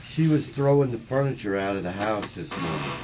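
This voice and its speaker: A man being questioned by police, talking in a low, rambling, agitated way and repeating himself. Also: lively intonation, fairly quick, darkish tone. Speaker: suspect being interviewed. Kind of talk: police interrogation recording. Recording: noisy interrogation room recording.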